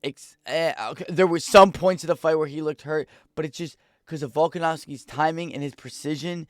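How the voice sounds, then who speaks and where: A young man giving a casual, excitable fight reaction, rambling in slang. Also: fairly high pitch, a little fast, dry recording, studio quality. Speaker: MMA reaction YouTuber.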